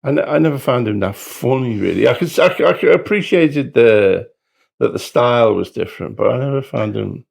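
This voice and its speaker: Gravelly male podcast host. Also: medium pitch, expressive, normal speed, a little mellow. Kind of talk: casual chat.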